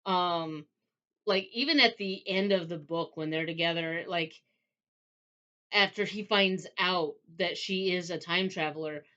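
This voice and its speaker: A woman talks through a novel in a chatty, rambling way, slipping into bits of acted-out dialogue. Her voice is bright and cutting, and the recording is slightly dull and lo-fi. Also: on the low side, a little slow. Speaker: book reviewer. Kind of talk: casual book review chat.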